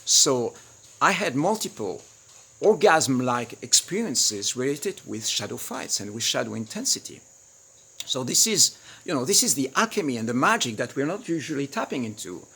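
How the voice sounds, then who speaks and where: A man teaching a tantra webinar, talking freely and acting out shouted quotes from arguments. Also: mid-range voice, moderate pace, breathy edge. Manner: animated, acts out shouted quotes.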